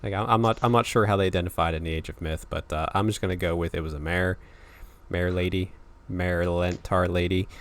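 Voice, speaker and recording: A man's voice: deep voice, steady tone, a little fast. A young man hosting a casual video-call podcast, rambling, laughing and swearing freely. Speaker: podcast host. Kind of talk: casual chat.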